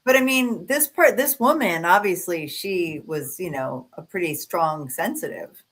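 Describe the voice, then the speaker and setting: A woman co-hosting a podcast, casually chatting and reacting with quick interjections. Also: fairly low pitch, expressive, fairly bright tone. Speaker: podcast co-host. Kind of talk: casual chat.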